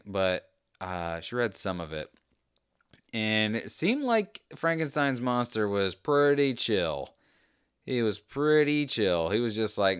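Man, casual chat, rambling and jokey, low smooth voice, dry close sound. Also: expressive, slow pace, a bit bright, no room sound. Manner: rambling, jokey, self-deprecating.

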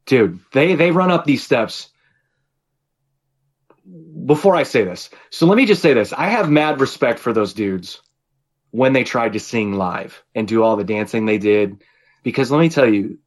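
A man's voice: medium pitch, expressive, moderate pace. A man co-hosting a podcast in casual chat, telling a story animatedly with frequent swearing and laughter. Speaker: podcast co-host.

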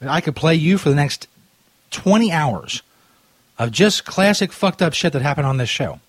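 A man's voice: on the high side, expressive, moderate pace, breathy edge, dry recording. A man hosting a prank call show, rambling crudely and loosely while drinking, talking into a studio mic. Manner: profane, loose and tipsy, drifting off topic. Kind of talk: crude rambling radio banter.

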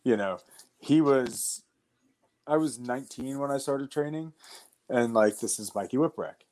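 A young adult man, a wrestler and guest on an interview show, telling stories in a loose, animated way with lots of fillers. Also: mid-range voice, unhurried. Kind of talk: casual storytelling.

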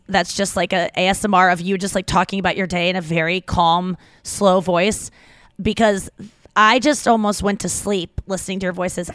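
A woman co-hosts a podcast in loose, casual chat, rambling and gushing as she goes. Her voice sits at an ordinary middle pitch and is close-miked in a dry, dead studio sound. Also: a bit bright, smooth, no echo. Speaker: podcast co-host.

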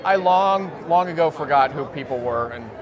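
A man's voice: a little high, lively intonation, normal speed. A man co-hosting a podcast at a live event, making dry, wry asides. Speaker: podcast co-host. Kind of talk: casual chat at a live event. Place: busy conference floor. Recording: noisy crowded convention floor. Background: crowd chatter.

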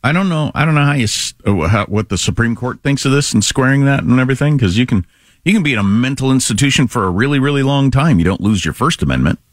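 A middle-aged man co-hosting talk radio, rambling casually through opinions and stories. His pitch swoops up and down as he talks. The sound is close and dry. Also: expressive, quick pace, no echo. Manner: rambling, conversational storytelling.

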